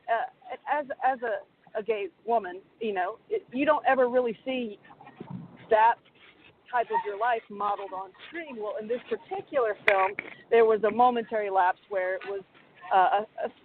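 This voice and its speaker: A woman in her thirties, a podcast co-host, telling an animated, self-deprecating story in casual chat. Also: a little high, normal speed. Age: 30s. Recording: tinny phone line with faint hiss.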